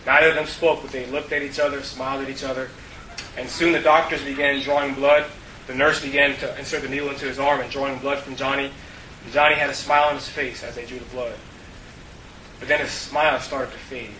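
A man preaching an earnest sermon to his congregation, telling stories and dropping to a hush for the key points. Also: mid-range voice, flat delivery, fairly quick. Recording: roomy, distant mic with faint hiss.

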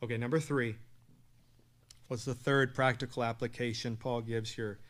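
A man preaching a sermon, asking the congregation questions and answering them, with loud stresses and quiet asides. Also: mid-range voice, level tone, moderate pace. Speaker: pastor.

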